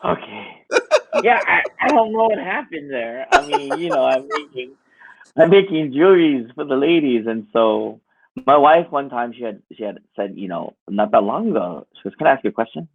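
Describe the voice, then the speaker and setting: A middle-aged man, telling animated, laughing stories in casual chat and quoting people as he goes. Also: mid-range voice, normal speed, vocal fry, no room sound. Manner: animated, laughing storyteller with lots of voiced quotes. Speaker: musician and jewelry maker guest. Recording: tinny phone-like dry audio.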